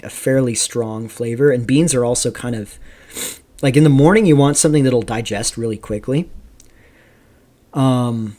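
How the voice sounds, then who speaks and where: A man hosting a live stream, rambling casually through commentary, reading chat questions aloud and filling pauses with "um" and "like". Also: mid-range voice, darkish tone. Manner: rambling, reads chat aloud, many fillers. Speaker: streamer host.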